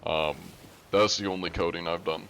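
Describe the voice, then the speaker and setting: A young man chatting casually on a live stream, reading chat and answering in a relaxed way. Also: low-pitched, normal speed, a little hiss or hum. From United States.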